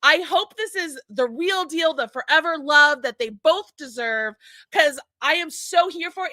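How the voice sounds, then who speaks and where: A bright, high-voiced enthusiastic woman. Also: animated, unhurried, no echo. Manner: gushing, enthusiastic, repeats phrases. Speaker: podcast host. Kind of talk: casual chat.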